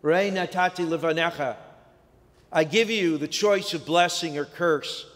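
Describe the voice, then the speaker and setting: Slow, measured man preaching in a hall. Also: fairly high pitch, fairly bright tone. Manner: slow, measured, reflective storytelling. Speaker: clergy leader. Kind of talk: sermon reflection at a vigil. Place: large synagogue sanctuary. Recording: long reverb of a large hall.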